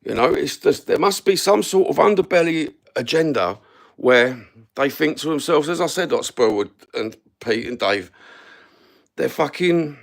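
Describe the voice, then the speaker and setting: A man's voice: fairly high pitch, lively intonation, unhurried, creaky. A man ranting to camera, blunt, sweary and heated, standing while he films himself. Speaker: YouTube content creator. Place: standing somewhere, filming himself.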